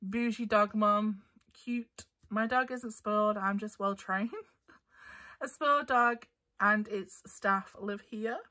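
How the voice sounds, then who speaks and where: A woman's voice: medium pitch, slow pace, pushed and bright. Bubbly giggly woman. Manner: bubbly and giggly, gushing over papers. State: voice getting tired. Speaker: craft vlogger. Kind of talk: casual haul chat.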